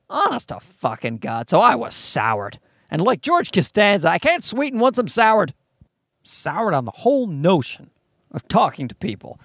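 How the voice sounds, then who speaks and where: A man's voice: high voice, wildly swooping pitch, moderate pace, a bit bright, dry recording, studio quality. A man, likely in his thirties, telling a comic story as a profane, exasperated rant.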